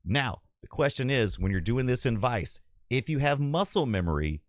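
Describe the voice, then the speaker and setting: Animated man hosting a casual livestream. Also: mid-range voice, normal speed, dry recording, studio quality. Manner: animated, chatty, laughs often, reads viewer comments aloud. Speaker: livestream host. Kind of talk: casual livestream chat with viewers.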